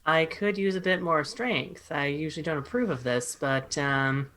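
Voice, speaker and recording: A woman's voice: deep voice, normal speed, few pauses, fairly bright tone. A woman playing a tabletop role-playing game, talking in a decisive, playful way. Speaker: player. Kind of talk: tabletop role-play chat.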